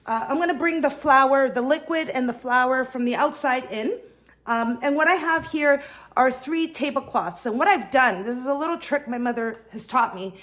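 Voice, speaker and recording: A cooking channel host with a high-pitched, fairly bright voice gives a casual home cooking demonstration. She's chatty, guides viewers through each step, and sounds a bit out of breath from kneading dough.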